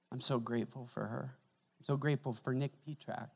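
A male pastor giving an animated, conversational sermon in a church, joking with the congregation. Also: mid-range voice, quick pace, creaky. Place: church sanctuary. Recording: echoey church hall.

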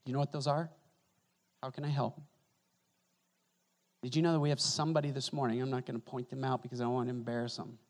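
A male pastor giving an animated, conversational sermon in a church, joking with the congregation. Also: mid-range voice, fast, pauses often. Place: church sanctuary. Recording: echoey church hall.

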